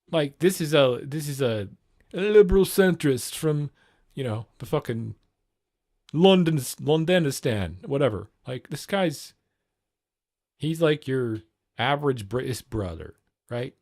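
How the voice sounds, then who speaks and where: A man's voice: mid-range voice, expressive, unhurried, darkish tone. A man hosting a livestream, reacting to a clip and riffing in a profane, jokey, rambling way. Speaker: livestream host.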